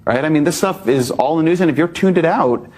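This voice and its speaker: A man with a slightly husky voice talks as a guest on a panel. He is thoughtful and reworks his sentences as he goes to build an argument. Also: fairly high pitch, fast, darkish tone. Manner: thoughtful, restarts to make a point. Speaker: talk show guest. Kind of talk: conversational panel discussion.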